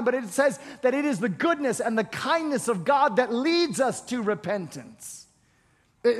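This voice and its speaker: A pastor preaches with a very high-pitched, slightly bright voice, recorded in a reverberant hall. Emphatic and repetitive, he keeps restarting words while pushing his message.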